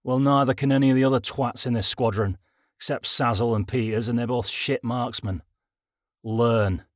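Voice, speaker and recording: A man's voice: medium pitch, steady tone, normal speed, no room sound, studio quality, close to an everyday voice. A man voicing a stern male army sergeant major whose voice is cold, clipped and resonant. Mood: scolding. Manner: gruff barking.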